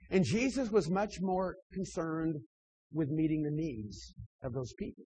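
A man delivers a sermon to church leaders in an emphatic, stop-and-start way, pushing hard on key points and then dropping low. His voice sits a little high and has a husky edge. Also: a little slow, mellow, dull audio. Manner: emphatic, rising and dropping in volume, frequent restarts. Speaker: preacher.

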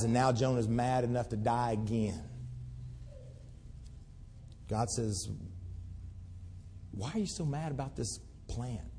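A man preaching a sermon as a pastor, telling folksy stories and swinging from loud outbursts to hushed pleading. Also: mid-range voice, a little hiss or hum. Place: church sanctuary. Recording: long hall reverb.

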